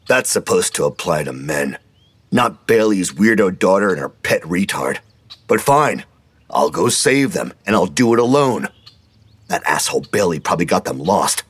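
A man voicing a crude, loudmouthed older ex-Marine grandfather who mocks and insults everyone. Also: low-pitched, big pitch swings, moderate pace, breathy edge, dry recording, exaggerated voice. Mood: brash mocking. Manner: brash, mocking, insulting.

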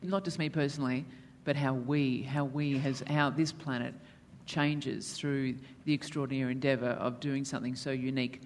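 A woman's voice: a bass voice, steady tone, normal speed, few pauses. Woman, podcast co-host, casual chat, reflective and enthusiastic, faint background hiss.

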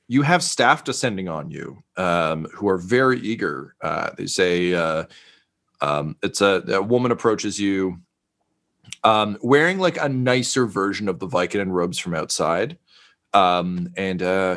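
A man's voice: low-pitched, expressive, unhurried, fairly bright tone. A man narrating as game master in a tabletop game, rambling with many fillers and jokes. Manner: rambling, filler-heavy, jokey.

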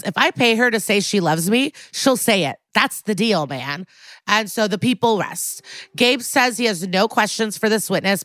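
A woman podcast host tells a TV episode's plot in a chatty, animated way, slipping into quick voices for each character. Her voice sits at a middle pitch. The sound is close and dry, with no room in it. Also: dry recording. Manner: chatty storytelling, acting out characters' lines. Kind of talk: casual recap of a TV episode.

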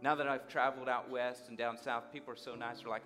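A man's voice: medium pitch, level tone, fast talker, few pauses. Brief: male preacher, vivid storyteller who acts out the dialogue, guitar music underneath. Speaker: guest speaker. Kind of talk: sermon storytelling.

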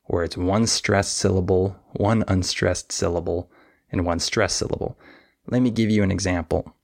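A man with a low voice and a gravelly edge teaches English pronunciation at an unhurried pace. He explains patiently and models example words with exaggerated stress. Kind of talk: podcast lesson.

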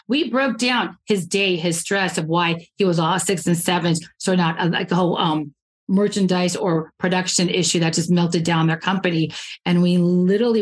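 A woman podcast host telling stories in a blunt, animated way, acting out what people said. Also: lowish voice, moderate pace, low-quality recording. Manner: blunt, animated storytelling, acts out quotes. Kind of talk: casual interview chat.

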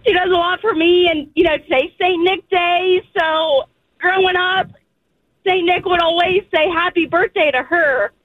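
Tearful young woman caller, very high voice. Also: steady tone, narrow, tinny audio. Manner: halting, emotional. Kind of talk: phone-in shout-out.

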